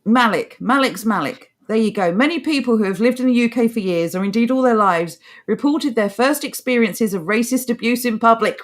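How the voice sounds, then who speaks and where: A woman's voice: a little high, a little fast, hardly any pauses. A woman on a podcast, reading articles aloud and answering them with sarcastic, mocking remarks in casual chat. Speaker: podcast co-host.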